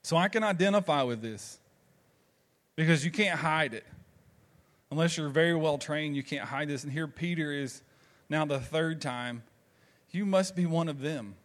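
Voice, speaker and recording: This man, a pastor from the Southern United States with a matching accent, has a slightly high, fairly bright voice and speaks at a moderate pace with frequent pauses. His sermon mixes conversational storytelling with rhetorical questions aimed at the congregation.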